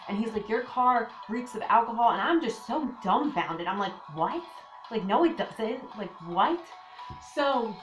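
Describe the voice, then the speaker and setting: A woman's voice: mid-range voice, fairly bright tone. A young woman telling a storytime on her vlog, casual and breathless, with lots of filler words and emphatic disbelief. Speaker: vlogger. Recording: echoey room with faint music.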